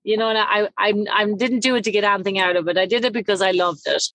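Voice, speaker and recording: An Irish woman with a mid-range voice talks in a lively, blunt way, swearing freely as she chats. The sound is dry, with no room around it. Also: mid-range voice, quick pace, dry recording, low-quality recording. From Ireland, County Cavan. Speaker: parade emcee and salon owner. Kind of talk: casual interview chat.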